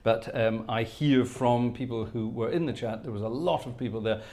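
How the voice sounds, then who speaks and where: A man's voice: mid-range voice, normal speed, a little mellow. A man hosting a live stream, casually greeting viewers one by one by name and humming while he scans the chat. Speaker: host of a live-streamed organ music show.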